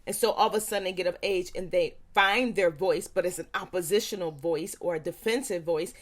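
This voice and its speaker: A woman parent educator speaking earnestly to parents, stressing points by repeating them and acting out quick quoted lines. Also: on the low side. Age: young adult. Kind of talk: talking to parents.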